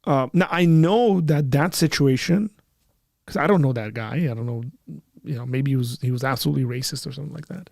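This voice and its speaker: Gravel-voiced man, emphatic live talk. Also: medium pitch, a little fast, darkish tone, dry recording, studio quality. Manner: conversational and emphatic, rising sharply when heated; acts out both sides of remembered dialogue. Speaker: host of a call-in apologetics panel. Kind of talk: live call-in discussion, personal anecdote.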